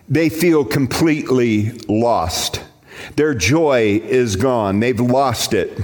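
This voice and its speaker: A male pastor delivers a sermon in a church, speaking at an unhurried, deliberate pace. His voice sits in a middle range, earnest and storytelling. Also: medium pitch.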